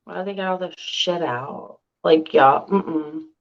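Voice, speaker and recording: A woman's voice: low-pitched, slow, muffled recording, a crowd in the background. A woman co-hosting a casual online chat show, ranting animatedly and swearing a lot. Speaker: podcast co-host.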